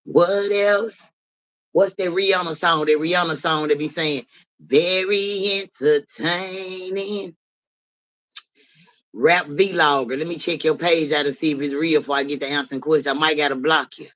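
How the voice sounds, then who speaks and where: A man's voice: fairly high pitch, fast talker, hardly any pauses, poor audio. Blunt, profane man chatting on a livestream. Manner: blunt, profane, animated, talks back to chat. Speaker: livestream host. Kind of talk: casual livestream chat with viewers.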